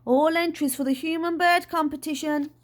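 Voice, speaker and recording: A woman voicing a brisk, officious little chubby man with a clipboard, who booms his questions and announcements. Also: sing-song. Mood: announcing.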